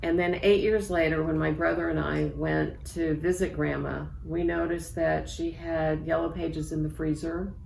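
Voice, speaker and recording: A woman in her sixties, an author reading aloud from her memoir in a measured, reflective way. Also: deep voice, little pitch movement, creaky, a little mellow. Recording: echoey room with faint background noise.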